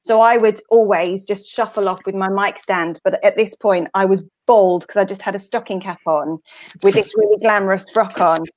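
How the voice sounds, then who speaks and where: A woman's voice: mid-range voice, steady tone, normal speed. Chatty woman recounting a stage mishap. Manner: chatty, self-deprecating. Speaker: guest stage actress. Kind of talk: casual anecdote.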